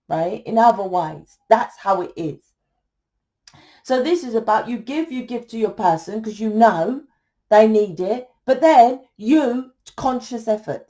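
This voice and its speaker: A woman's voice: a little high, a little mellow, rough recording. Blunt woman ranting. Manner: blunt, swearing, rhetorical questions. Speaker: tarot reader. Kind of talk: ranting monologue to camera.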